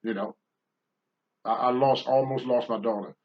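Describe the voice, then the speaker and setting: A man's voice: medium pitch, steady tone, normal speed. An older man, a former pro wrestler, speaking bluntly and with profanity as a talk-show guest. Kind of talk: candid talk-show storytelling. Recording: dull lo-fi sound.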